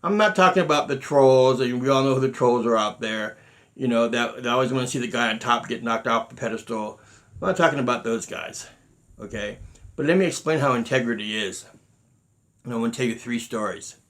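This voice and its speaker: A man's voice: mid-range voice, a bit bright. A middle-aged man, a martial arts grandmaster, telling stories in earnest with many restarts and quoted exchanges. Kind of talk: unscripted talk to students.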